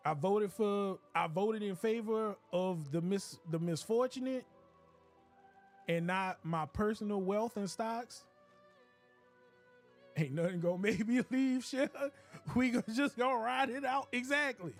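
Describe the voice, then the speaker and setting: A man streaming a game, riffing in a joking, animated rant with laughs. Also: high-pitched, measured pace, faint music behind. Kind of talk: casual comedic commentary while gaming.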